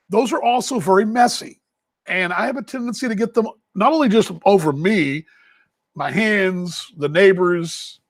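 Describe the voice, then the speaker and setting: A Texan team broadcaster at a ballpark chats casually on a live stream, rambling between viewer comments with easy, self-deprecating humor. His voice is fairly high, and the sound is dry and close with no room sound.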